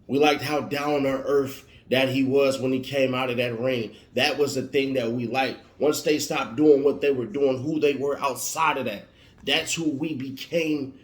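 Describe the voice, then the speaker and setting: A man's voice: medium pitch, fairly even intonation, a little slow. Preachy man in an echoey room. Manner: preachy, emphatic, repetitive warnings. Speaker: motivational speaker. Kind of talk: motivational monologue. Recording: roomy echo.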